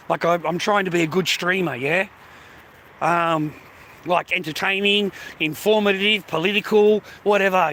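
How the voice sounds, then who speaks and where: High, bright-voiced Australian man ranting. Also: slight background noise. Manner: swearing, griping, laughs often. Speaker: live streamer. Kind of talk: casual livestream rant.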